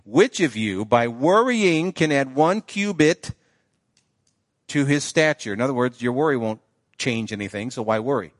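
A man's voice: mid-range voice, expressive, normal speed, dry recording, studio quality. A male pastor preaching a sermon in a conversational way, often checking in with the congregation. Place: church sanctuary.

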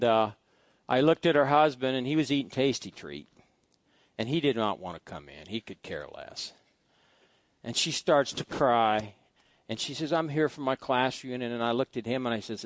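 A middle-aged male pastor telling folksy personal stories during a sermon, swinging between loud asides and quiet musing. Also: medium pitch, no echo. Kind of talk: storytelling sermon. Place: church sanctuary.

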